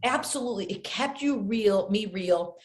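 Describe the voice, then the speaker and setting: Lively middle-aged woman, roomy echo. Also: mid-range voice, normal speed. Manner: animated, acts out family voices in her stories. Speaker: guest. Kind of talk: casual storytelling interview.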